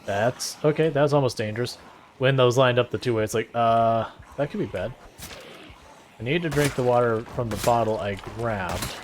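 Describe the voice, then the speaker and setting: A man streams a game and chats casually, rambling with self-deprecating sarcasm and often restarting his sentences. His voice is medium-pitched at a normal speed, with a little hiss or hum audible.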